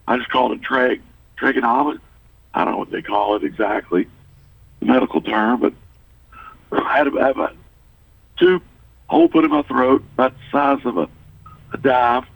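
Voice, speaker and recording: Man, radio guest, halting, earnest, raspy edge. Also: mid-range voice, a bit bright, no room sound, far from the mic, low-quality recording. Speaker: radio show guest, former basketball coach. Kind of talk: radio interview.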